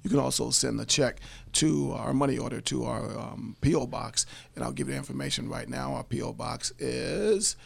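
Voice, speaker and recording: A man hosting a radio talk show, reading out phone numbers and addresses slowly and with care. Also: mid-range voice, creaky, breathy edge.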